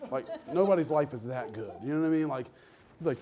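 Male pastor, casual storytelling sermon, voices the people in his stories, a touch high-pitched. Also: lively intonation, warm tone, slight background noise. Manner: conversational, humorous, mimics people in quick voices.

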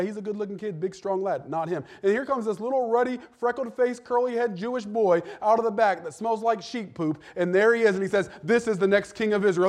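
High-voiced man preaching a sermon. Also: darkish tone. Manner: conversational, rhetorical questions, frequent "right?"; repeats words while building a point.

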